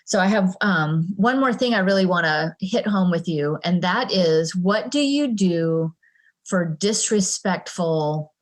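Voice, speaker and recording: A woman's voice: fairly low pitch, animated, measured pace. A woman presenting a parenting talk in a conversational way, acting out exchanges between parent and child.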